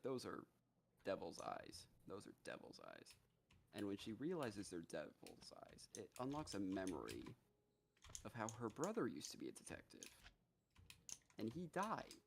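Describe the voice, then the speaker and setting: Low, gravelly, animated male streamer. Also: moderate pace, a little hiss or hum. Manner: animated, profane retelling with many fillers. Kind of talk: casual storytelling on a live gaming stream.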